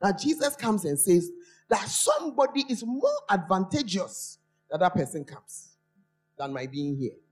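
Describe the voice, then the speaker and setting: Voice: medium pitch, animated, a little slow, breathy edge, faint music behind. A preacher giving a sermon in a church, stretching key words and putting questions to the congregation.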